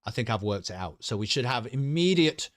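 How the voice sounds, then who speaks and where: A man's voice: medium pitch, expressive, a little fast, no room sound, studio quality. A man chatting casually with his stream audience, rambling, joking and swearing freely.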